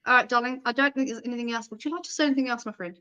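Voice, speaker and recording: A woman's voice: a little high, steady tone, racing, bright, forceful tone, lo-fi sound. A woman giving psychic readings on a live stream in a blunt, casual way, swearing freely. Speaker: psychic reader.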